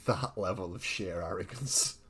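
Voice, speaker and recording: A man's voice: deep voice, normal speed, a bit bright, a little hiss or hum. An English man chatting casually with his live-stream viewers while he paints miniatures, blunt and mocking, swearing constantly as he rambles. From England. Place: home hobby room.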